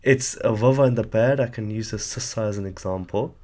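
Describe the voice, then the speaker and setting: Fairly quick and warm, this man's lowish voice carries a language lesson. He's patient and methodical, frequently hedging with "sort of" while chalking examples onto a board.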